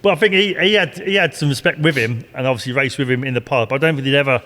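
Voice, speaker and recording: A middle-aged man tells racing stories in a loose, meandering way, circling back and repeating himself and swearing now and then. His voice sits at an ordinary middle pitch. The room gives it a long, reverberant tail. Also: rapid-fire, a bit bright. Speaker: guest, retired racing driver. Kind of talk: casual anecdotal storytelling.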